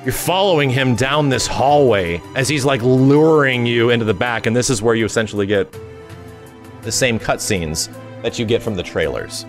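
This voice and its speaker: A man hosting a gaming channel, recapping a game preview in an excitable, profane way, full of fillers and hummed tunes. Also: medium pitch, normal speed, soft background music. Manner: excitable and profane, with lots of fillers and sung hums.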